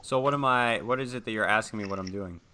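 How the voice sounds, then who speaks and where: A young man as game master, narrating a tabletop horror game over voice chat with relaxed fillers. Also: on the low side, quick pace, heavy background noise.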